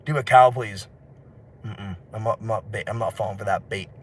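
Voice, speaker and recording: A man rambling through a livestream while walking city streets outdoors, excitable and laughing, his voice hoarse from screaming. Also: on the low side, normal speed. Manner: excitable, laughing, shouting bursts.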